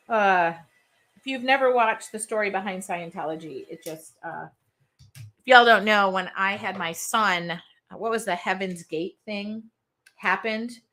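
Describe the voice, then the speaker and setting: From her home art studio, with air conditioning running, a woman with a drawl hosts a live art journaling session in a medium-pitched, pushed, bright voice. As she cuts and paints, her chat wanders between topics and she reads viewer comments aloud, laughing easily and keeping things casual.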